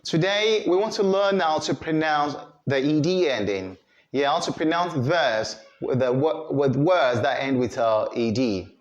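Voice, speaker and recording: A male teacher walks through a pronunciation lesson at a very slow pace. He says each sound and word twice so learners can repeat after him. He pads his explanations with fillers and often corrects himself mid-sentence. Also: a little high, reverberant, muffled recording. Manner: frequent fillers and self-corrections.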